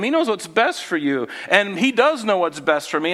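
A male pastor preaching a sermon in a conversational way, asking the congregation questions and dropping low and quiet for emphasis. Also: sing-song, moderate pace.

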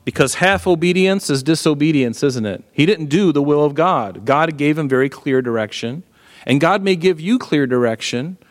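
A middle-aged man preaching a sermon in a conversational, animated way, full of rhetorical questions. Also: a little high, normal speed, long reverb tail. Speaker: pastor.

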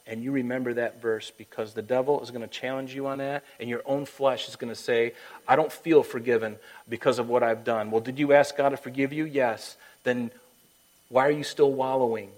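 Man preaching, loud one moment, hushed the next. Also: rough recording. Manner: emphatic preaching that swings between loud urging and hushed tones; acts out quoted voices in a high falsetto. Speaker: pastor. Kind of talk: sermon.

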